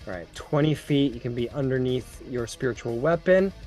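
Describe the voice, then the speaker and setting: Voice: mid-range voice, moderate pace, soft background music. A game master narrating a tabletop game in a casual, filler-heavy way. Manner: casual, lots of fillers, lively.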